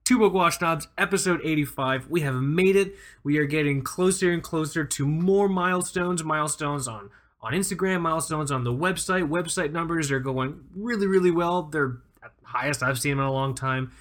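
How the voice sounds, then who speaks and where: A man's voice: fairly high pitch, normal speed, fairly bright tone. A man co-hosting a casual podcast, talking with energy, joking and laughing often. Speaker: podcast co-host.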